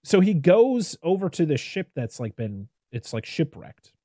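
A man hosting a casual podcast film review, rambling and animated with lots of restarts. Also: fairly high pitch, measured pace, no echo, studio quality. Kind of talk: casual chat.

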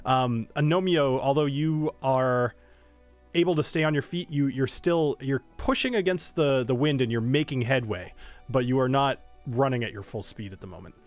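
A man's voice: mid-range voice, faint music behind. A man running a tabletop game as game master, narrating the scene with many fillers. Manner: descriptive, halting, with many fillers.

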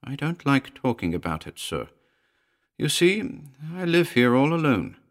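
A man's voice: medium pitch, sing-song, a little slow, pitched above the performer's own voice. A man voicing a nervous middle-aged housekeeper who speaks jerkily and reluctantly in a ghost story reading. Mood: fearful. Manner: jerky, uneasy, pleading.

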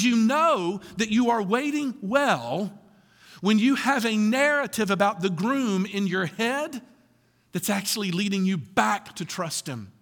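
Lively high-voiced male preacher in a hall. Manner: animated, rhetorical questions, laughs through lines. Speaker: pastor. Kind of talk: sermon.

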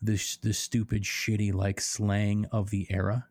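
A man's voice: fairly low pitch, little pitch movement, a little slow, darkish tone, no room sound, studio quality. Swearing, rambling man on a podcast. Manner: rambling, swears a lot, mocking. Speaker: podcast co-host. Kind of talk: casual profane chat.

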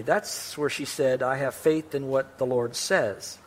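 A man preaching a sermon as pastor, emphatic and animated, his voice climbing when he quotes scripture and dropping into wry asides to the congregation. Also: medium pitch, unhurried, hardly any pauses. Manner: emphatic and animated, voice rising on quotations.

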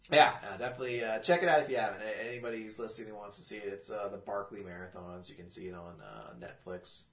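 A man's voice: on the low side, lively intonation, fast, echoey room. A man co-hosting a comedy podcast in casual chat, laughing often and making silly noises. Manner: giggly, often laughing, breaks into brr sounds. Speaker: podcast co-host.

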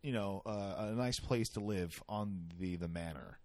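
A man's voice: fairly low pitch, a little slow. A man chatting casually as a podcast guest, rambling through jokes and tangents with a lot of swearing. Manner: joking, rambling, profane. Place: Sacramento.

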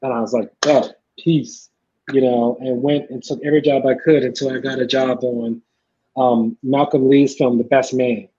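A middle-aged man telling stories in a casual chat, acting out the people he quotes in lively voices. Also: mid-range voice, normal speed. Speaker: podcast guest, filmmaker. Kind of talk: casual storytelling. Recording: dull lo-fi sound.

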